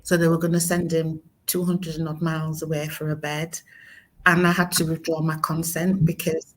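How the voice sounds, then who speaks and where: A middle-aged woman telling a personal story in conversation, halting, with many fillers and restarts. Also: sits low, level tone. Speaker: guest, mother of a son with mental illness.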